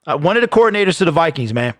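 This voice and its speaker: A man's voice: a little high, very animated, very fast, no room sound, studio quality. A man hosting a live football watch party stream, chatting casually and joking with viewers. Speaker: sports watch party host.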